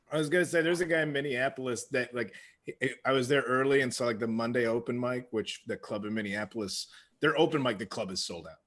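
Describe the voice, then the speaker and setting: A man's voice: mid-range voice, a little fast, a bit bright. A man co-hosting a comedy podcast, telling a loose, casual story about comedy open mics. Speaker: podcast co-host. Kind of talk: podcast chat.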